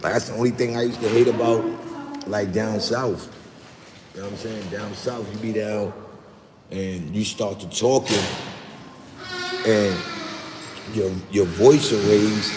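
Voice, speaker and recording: Low-voiced New York man chatting on a livestream. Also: fairly even intonation, a little slow, pauses often. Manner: loose, talkative street slang, reading chat aloud. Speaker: livestream host. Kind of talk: casual livestream chat. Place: outdoors in the city, rain starting. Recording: roomy echo with long reverb, faint background noise.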